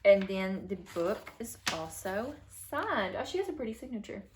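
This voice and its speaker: A young woman vlogger chatting casually at home while unboxing books, bubbly and prone to excited gasps and squeals, sometimes reading blurbs aloud. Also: medium pitch, normal speed, noisy background. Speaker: book vlogger.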